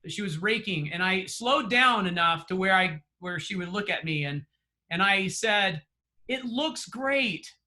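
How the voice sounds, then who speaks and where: A man with a high, bright voice speaks over a video call as a trainer wrapping up a class. He is earnest and encouraging, and he often restarts his sentences and fills pauses with "uh" and "you know.". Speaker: real estate trainer. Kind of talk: motivational closing remarks.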